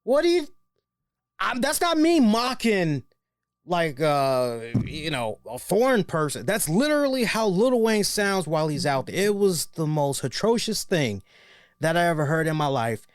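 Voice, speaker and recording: A man's voice: fairly high pitch, normal speed, no room sound. A man hosting a wrestling review show, talking casually and animatedly, joking and tagging his points with "right?". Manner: animated and joking, often tags lines with "right?".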